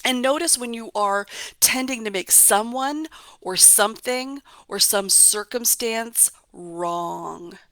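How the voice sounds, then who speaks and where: A woman's voice: a little high, takes it slowly, a bit bright, dry recording. A woman hosting a motivational talk, coaching her listeners in an emphatic, repetitive way. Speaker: host.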